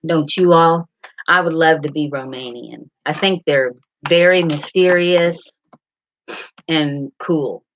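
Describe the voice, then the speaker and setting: A woman's voice: deep voice, takes it slowly. A middle-aged woman, rambling as she chats with viewers and reads their comments in a live stream. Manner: chatty, rambling, addresses viewers by name. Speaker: livestream host. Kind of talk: casual live chat reading comments. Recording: slightly dull lo-fi sound.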